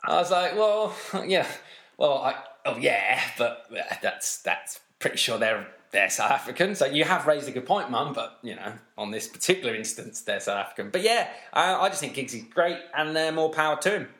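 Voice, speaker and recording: A man's voice: mid-range voice, animated, a little fast, hardly any pauses, sharp tone, roomy sound. A man co-hosting a podcast, chatting casually and mimicking voices as he tells stories. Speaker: podcast co-host. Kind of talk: casual chat.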